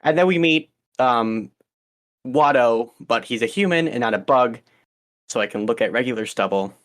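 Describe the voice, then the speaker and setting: A man's voice: mid-range voice, lively intonation, moderate pace, a bit bright. A young man co-hosting a podcast, chatting casually and rambling with frequent ums and restarts. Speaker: podcast co-host. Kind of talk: casual chat.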